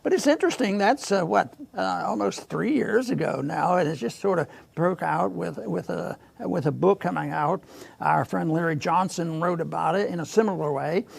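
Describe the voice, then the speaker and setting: A man hosting a casual political discussion, halting and repeating words as he chuckles through his points. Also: high voice, creaky, husky. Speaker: podcast host.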